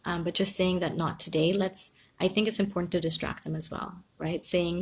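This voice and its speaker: A woman counsellor speaking calmly and reassuringly on a live stream, giving advice and answering viewers. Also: fairly low pitch, fairly quick, vocal fry, hardly any pauses, slight background noise. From Guyana. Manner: calm, reassuring, reads out viewer comments.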